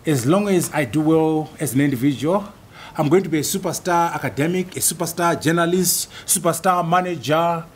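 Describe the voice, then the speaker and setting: A man's voice: on the high side, fairly quick, slight background noise. A man from Zimbabwe giving an emphatic public lecture and building points through rhetorical lists. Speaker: guest lecturer.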